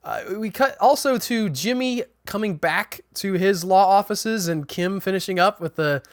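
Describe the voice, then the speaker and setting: A man with a fairly high voice talks through a TV episode in a loose, chatty recap. He often trips over his words and restarts sentences, and he paraphrases what the characters said. The sound is close and dry, with no room echo. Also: moderate pace. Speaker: podcast host recapping a TV episode. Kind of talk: casual spoken recap.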